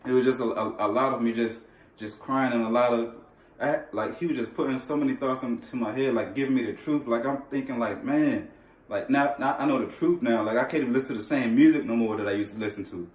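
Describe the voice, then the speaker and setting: A young man tells his faith testimony in a loose, slangy way, pressing his points by repeating himself and restarting lines. His voice sits at an ordinary middle pitch. He is recorded from some distance away in a room that echoes noticeably. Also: quick pace. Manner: slangy, emphatic, repeats phrases and restarts often. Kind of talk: casual personal testimony.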